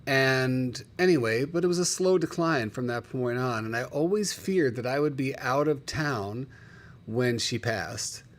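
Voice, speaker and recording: A male livestream host chatting casually at an average pitch, telling heartfelt personal stories. He talks with open emotion and calls out his viewers by name. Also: expressive, a little slow.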